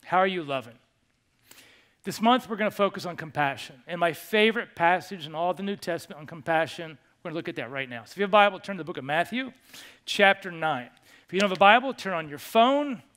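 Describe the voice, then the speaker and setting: A male pastor giving a sermon to his congregation in a church, animated and joking as he coaxes them along. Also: high voice, fast talker. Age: over 25. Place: church sanctuary.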